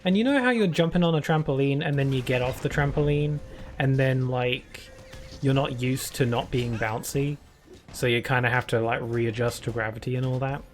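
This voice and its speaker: A man's voice: mid-range voice, moderate pace. A man streaming live, chatting casually through rambling stories full of fillers. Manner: rambling anecdotes with many fillers.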